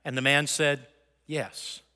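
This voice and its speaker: A middle-aged man preaching, earnest and storytelling, his bright, slightly high voice ringing out. The sound carries a long reverb, as in a large church sanctuary. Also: moderate pace. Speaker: pastor. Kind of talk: sermon.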